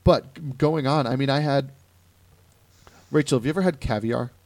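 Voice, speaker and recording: A man's voice: mid-range voice, normal speed, no echo. A young man from Ohio hosting a podcast, telling stories in a casual chat and acting out the people he quotes. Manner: animated storytelling with quoted voices. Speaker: podcast host.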